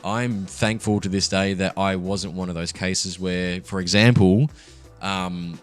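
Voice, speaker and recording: Casual low-voiced man. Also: fairly even intonation, measured pace, soft background music. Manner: candid, swears freely, laughs through his story. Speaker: podcast co-host. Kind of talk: casual chat.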